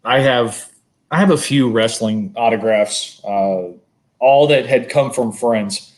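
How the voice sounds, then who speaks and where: A man co-hosting a podcast, telling a long story in casual, animated chat and swearing freely. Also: medium pitch, takes it slowly. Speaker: podcast co-host.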